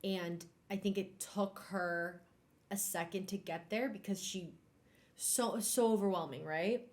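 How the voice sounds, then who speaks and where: A woman hosting a casual live-stream book club, talking in an animated way with exclamations and trailing fillers. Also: mid-range voice, measured pace.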